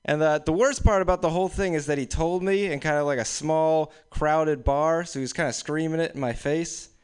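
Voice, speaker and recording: Young man, stand-up comic, deadpan storytelling, smooth clear voice, slightly high. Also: a little fast. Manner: casual, deadpan storytelling with frequent laughs. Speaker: stand-up comedian. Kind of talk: open mic stand-up set. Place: small room with few people. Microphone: stage microphone.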